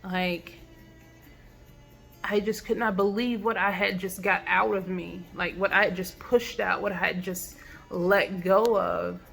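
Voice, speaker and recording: A woman telling a personal story in a reflective, halting way, with many fillers and restarts. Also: medium pitch, fairly even intonation, creaky, fairly bright tone, soft background music. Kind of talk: personal testimonial monologue.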